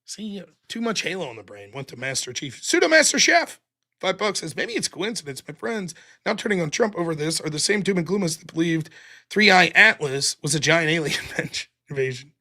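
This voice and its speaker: A man hosting a live stream, reading viewer messages aloud with sarcastic, animated commentary. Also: fairly high pitch, a little fast. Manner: sarcastic and animated, mocking repetition. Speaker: livestream host.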